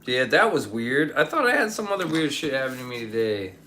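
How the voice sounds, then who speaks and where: A man's voice: mid-range voice, very animated, a little fast, pushed and bright, slight background noise. A young adult man rambling profanely in casual livestream chat, reading his chat aloud. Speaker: streamer.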